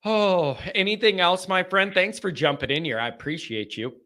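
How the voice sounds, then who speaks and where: A man hosting a live call-in fan show, chatting casually and breaking into joking, animated rants. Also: high voice, normal speed.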